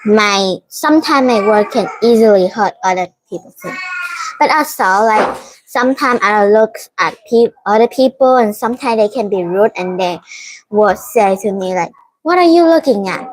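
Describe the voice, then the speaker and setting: A woman's voice: mid-range voice, normal speed, background noise. Young vietnamese girl practicing english, hesitant, lots of restarts. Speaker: student. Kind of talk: practicing conversational English in a lesson.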